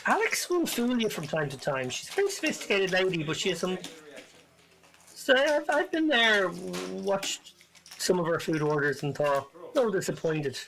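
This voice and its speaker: A man with a fairly high voice co-commentates live poker. He muses as he goes and often restarts his sentences mid-thought. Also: wildly swooping pitch, normal speed, pushed and bright, poor audio. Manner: musing, hesitant restarts.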